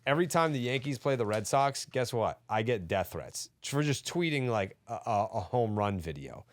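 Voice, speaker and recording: A man's voice: medium pitch, big pitch swings, moderate pace, no echo. A man co-hosting a sports podcast, ranting heatedly and swearing often. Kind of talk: casual sports talk.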